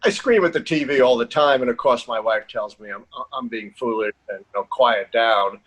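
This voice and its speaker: A man's voice: medium pitch, normal speed, fairly bright tone, husky, rough recording. An older American man, a professor, giving emphatic, indignant answers in a TV interview. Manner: emphatic, indignant, rising to stress key words. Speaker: political science professor, guest.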